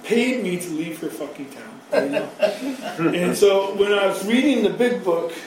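A man's voice: sits high, lively intonation, unhurried, crowd noise. A man in his thirties telling his recovery story in a rambling, profane, self-mocking way. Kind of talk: personal storytelling. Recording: very echoey hall, from far off.

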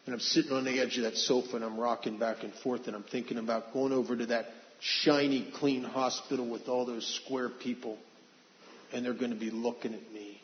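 Speaking a bit fast and with a flat delivery, a medium-pitched man offers a heartfelt testimony about his recovery, restarting phrases along the way. There's slight background noise, and the hall recording sounds dull and reverberant.

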